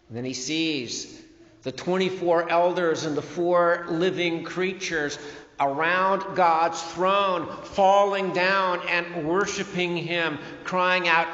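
Pastor, male, high voice, slow deliberate sermon delivery, dull recording in a church sanctuary. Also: fairly even intonation. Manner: slow, emphatic preaching with swings between loud and soft phrases. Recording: dull, echoey hall recording.

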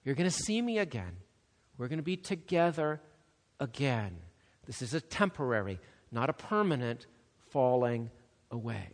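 A man preaching a sermon, swinging between loud, urgent emphasis and hushed, soft passages. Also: medium pitch, very animated, normal speed. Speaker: pastor. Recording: long reverb of a large hall.

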